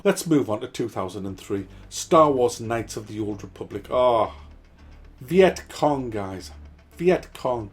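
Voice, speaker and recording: A middle-aged man rants with nostalgia about old video games, swearing freely and repeating titles again and again. His voice sits at an everyday middle pitch. Faint music plays underneath. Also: expressive, unhurried. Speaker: gaming channel host. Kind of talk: nostalgic ranting monologue.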